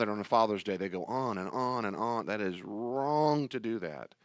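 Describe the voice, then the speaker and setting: Emphatic pastor with a lively, dry voice. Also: male voice, fairly low pitch, moderate pace, no room sound. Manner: emphatic, fires rhetorical questions. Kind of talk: sermon-style teaching talk.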